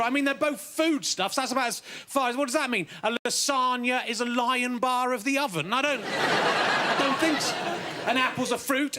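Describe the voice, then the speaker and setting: High-voiced ranting comedian. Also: male voice, background noise. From England. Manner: bitter, ranting, mock-indignant. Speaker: stand-up comedian. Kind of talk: stand-up comedy routine. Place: TV studio stage with audience.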